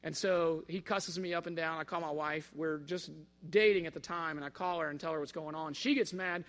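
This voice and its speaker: A man telling a personal story in a casual, animated way and acting out the dialogue. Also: on the high side, a little fast. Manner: animated, acts out quoted dialogue.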